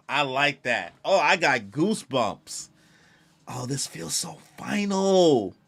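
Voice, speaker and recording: Young man, live reaction streamer, slangy and exclamatory, swinging pitch, unhurried pace. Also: fairly bright tone. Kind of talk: live reaction stream, reading a comic aloud.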